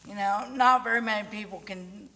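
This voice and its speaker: A woman's voice: mid-range voice, fairly quick, sharp tone, slight background noise. Giggly woman, far off the mic, big hall echo, little clicks in the back. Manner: giggly, plain-spoken. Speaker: church member giving thanks. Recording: distant mic in reverberant hall.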